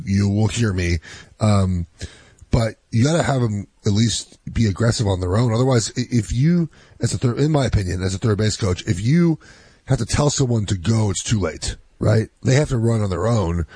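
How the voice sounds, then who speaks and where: A man in his thirties in casual chat, an animated storyteller who acts out quotes and laughs. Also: on the low side, normal speed, slightly rough, no room sound. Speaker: youth softball coach and father.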